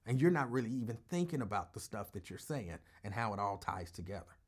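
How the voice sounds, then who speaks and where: A man's voice: on the low side, big pitch swings, brisk. Emphatic man hosting a call-in show. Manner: emphatic, argumentative, repeats points for effect. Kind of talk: casual call-in commentary.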